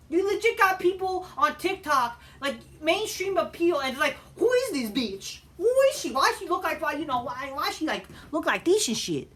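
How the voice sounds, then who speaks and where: A man's voice: sits high, pushed and bright, distant mic. A man ranting through a profane, exasperated video review of a wrestling show.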